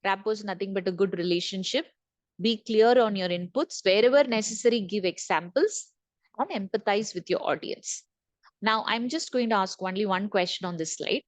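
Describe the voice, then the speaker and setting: A woman's voice: medium pitch, moderate pace, no echo. A woman trainer leading an online session, repeating key points and asking the group questions. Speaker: corporate trainer. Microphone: video call.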